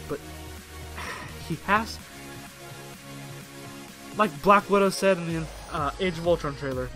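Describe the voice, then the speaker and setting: A young man hosting a casual opinion vlog, ranting and swearing with animated energy. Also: on the high side. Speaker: host.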